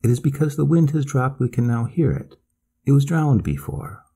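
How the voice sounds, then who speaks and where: A man's voice: mid-range voice, expressive, moderate pace, mellow, breathy edge, pitched above the performer's own voice. A man voicing an uneasy male Swedish traveling companion who speaks in a brooding, ominous way.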